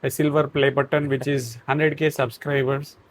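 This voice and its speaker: A man's voice: medium pitch, flat delivery, moderate pace, a little hiss or hum. A man hosting a podcast interview, reacting briefly and asking short questions. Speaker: podcast host.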